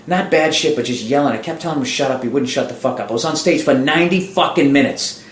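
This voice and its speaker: A man's voice: mid-range voice, fast talker. A male stand-up comedian in a casual, heated chat, ranting emphatically and swearing a lot. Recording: roomy echo.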